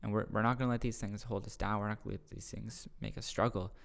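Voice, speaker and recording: A man, a youth pastor, telling a retreat story on a podcast in a casual, excited way, often repeating his words. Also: fairly low pitch, fast talker, gravelly.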